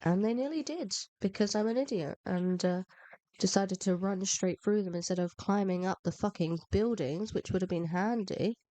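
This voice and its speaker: A woman's voice: medium pitch, normal speed, mellow, no echo. A woman narrates her gameplay in a dry, close recording, her voice sitting in an ordinary middle register. She is under the weather with a cold, and she rambles along, poking fun at herself as she plays. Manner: self-mocking and rambling. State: unwell with a cold. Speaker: gaming video narrator. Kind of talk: casual gameplay commentary.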